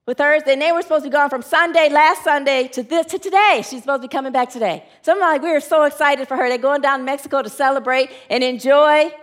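Fast and with hardly any pauses, a high-pitched woman preaches a sermon built on call and response with her congregation. She tells stories earnestly and acts out the quotations.

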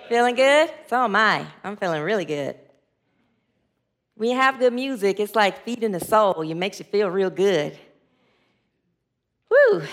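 A woman preaching a sermon in a lively, conversational way, telling a comic story. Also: medium pitch.

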